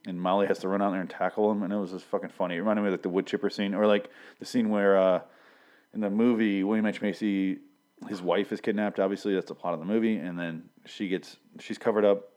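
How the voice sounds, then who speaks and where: Man with a very deep voice, casual profane episode recap, rambling with dry asides. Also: little pitch movement, quick pace, a little mellow. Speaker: show reviewer.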